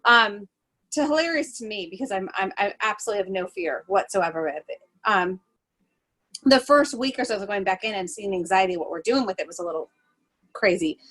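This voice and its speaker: Over a rough recording, a woman with a mid-range voice speaks slightly quickly as she hosts her podcast. She's a holistic travel nurse who chats casually and tells stories with animation. She laughs often and uses lots of fillers.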